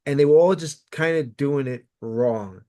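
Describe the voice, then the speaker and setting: A man hosting an interview, talking in relaxed, jokey banter. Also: mid-range voice, measured pace. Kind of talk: casual conversation.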